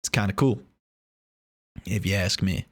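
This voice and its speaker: A man's voice: sits low, unhurried. A man vlogging in a casual, rambling way, joking and swearing as he talks to the camera. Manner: rambling, joking, profane, many restarts.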